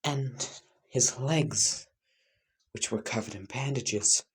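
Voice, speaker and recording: A man improvising a fan fiction story out loud in a casual, rambling way. He speaks slowly with a husky voice, full of fillers, often sinking into a whisper. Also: mid-range voice. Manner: loose, rambling, many fillers, drops into whispers.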